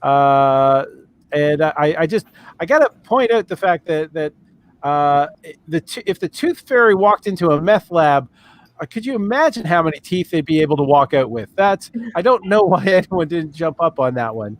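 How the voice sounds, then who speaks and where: A man moderating a live comedy debate stream, pausing often with filler sounds. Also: a little high, animated. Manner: hesitant, many filler sounds.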